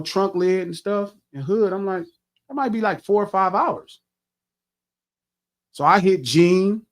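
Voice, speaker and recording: A middle-aged man with a fairly high voice tells a story on a podcast. He talks in a relaxed, profane way and acts out his own lines with energy. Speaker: podcast host. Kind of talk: casual storytelling chat.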